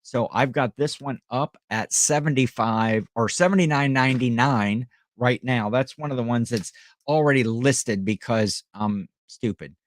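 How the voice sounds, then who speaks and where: A man's voice: medium pitch, unhurried. Rambling man hosting a live stream. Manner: rambling, reads chat aloud, many fillers and restarts. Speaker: livestream host selling items. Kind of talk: casual live-stream chat.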